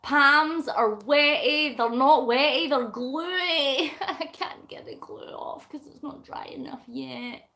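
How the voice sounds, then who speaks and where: A middle-aged Scottish woman hosts a relaxed livestream, chatting and giggling with viewers between bits of crafting. Her voice sits high, and she talks at an unhurried, leisurely pace. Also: vocal fry. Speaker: livestream host. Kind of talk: casual live chat reading comments.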